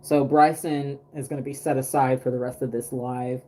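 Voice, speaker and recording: A doll artist paints during a livestream, chatting casually about his work in a rambling way full of ums and restarts. His mid-range voice is mellow and warm rather than bright, with a flat delivery at normal speed.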